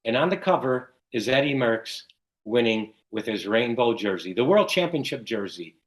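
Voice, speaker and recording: An older man from Chicago, a guest telling stories in an interview with lots of animated retelling. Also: mid-range voice, normal speed, poor audio. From Chicago, USA. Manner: animated storyteller who acts out quoted dialogue. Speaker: guest, cycling race announcer. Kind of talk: casual storytelling in an interview.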